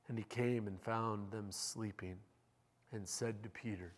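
A man preaching a sermon as pastor, speaking in a measured, deliberate way and reading scripture aloud in a church sanctuary. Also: lowish voice, fairly even intonation. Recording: long reverb in a large hall.

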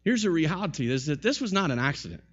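Animated male preacher, lo-fi sound. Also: a little high, quick pace, husky. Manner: animated preaching, voice rising and dropping sharply. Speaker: pastor. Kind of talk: sermon.

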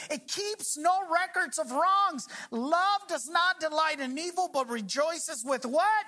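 A woman pastor delivers a sermon in a high, ringing voice. She preaches emphatically and slows down to press home key phrases. She often leaves a line open for the congregation to complete. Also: lively intonation, pushed and bright.

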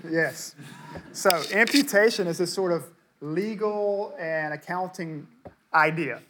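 A man's voice: high voice, a little slow, background noise. A man preaching a sermon to a congregation, conversational and emphatic, repeating words to stress his points. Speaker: pastor.

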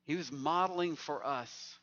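Bright-voiced joking man preaching. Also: on the high side, measured pace, lo-fi sound. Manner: conversational and joking. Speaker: pastor. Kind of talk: sermon.

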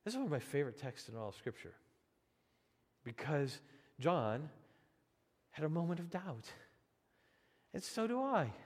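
A pastor preaching in a lively, conversational way, his voice rising and falling often. He restarts phrases as he talks to his congregation. The sound rings with long reverb from a large church hall. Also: a little high. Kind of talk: sermon.

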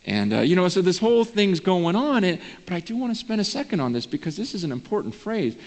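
A man's voice: sits high, very animated, fast talker, a little mellow, big-room sound. A man preaching a sermon as pastor, in an earnest, conversational way. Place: church sanctuary.

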